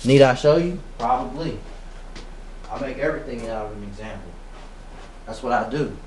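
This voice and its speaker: A man's voice: mid-range voice, moderate pace, a little mellow, a little hiss or hum. A man giving a rambling metaphysical monologue, full of rhetorical questions and casual street slang. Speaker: spiritual vlogger.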